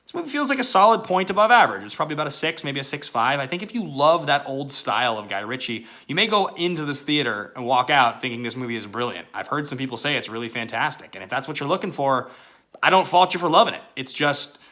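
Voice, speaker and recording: A man's voice: medium pitch, expressive, fast, bright, forceful tone. A man hosting a casual movie review channel, chatty and loose, with lots of fillers and asides.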